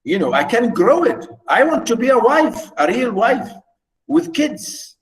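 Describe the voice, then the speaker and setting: Unhappy young wife, pleading and insistent, read by a man, slow and high. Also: sing-song, roomy sound, recorded from a distance, full character voice.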